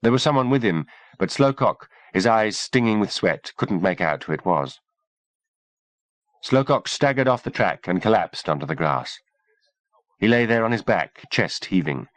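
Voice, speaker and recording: A man narrating an audiobook in a measured, expressive reading. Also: fairly low pitch, no echo.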